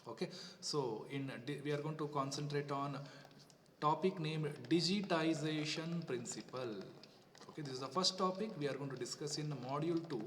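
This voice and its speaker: A man's voice: fairly high pitch, moderate pace, a bit bright, echoey room, big-room sound, far from the mic, a little hiss or hum. A man giving a classroom lecture. He explains step by step, repeats himself and says "okay" often.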